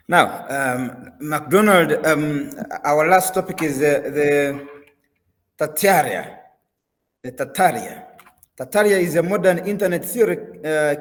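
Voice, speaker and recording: A man's voice: a little high, in a large hall. A man hosting an interview, introducing a topic by reading prepared notes. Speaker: host.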